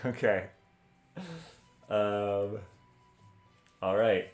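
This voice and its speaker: A man's voice: on the low side, fairly even intonation, unhurried, soft background music. A man narrating as game master in a casual way, with many fillers. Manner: casual, filler-heavy, laughing.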